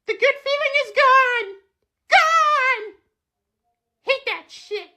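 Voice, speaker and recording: A tiny furry red monster squeaks in a very high, bright voice. He rambles through profane, mock-dramatic rants in a childlike puppet manner. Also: a little slow, full character voice. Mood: ranting.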